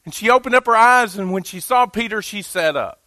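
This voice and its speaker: A man's voice: sits high, brisk, sharp tone, dry recording. A man preaching a sermon as pastor in a loose, conversational way, building to emphatic rises on key points. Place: church.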